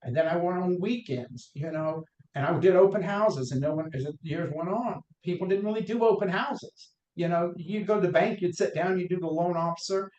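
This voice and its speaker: A middle-aged man with a Southern accent, raised in North Carolina, speaks as a podcast guest. His voice sits a little high for a man and he drifts through anecdotes with frequent restarts. The room around him rings with a noticeable echo. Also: a little mellow. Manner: rambling anecdotes with restarts, acts out quotes. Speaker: guest, mortgage lender. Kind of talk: podcast interview, career storytelling. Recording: roomy echo.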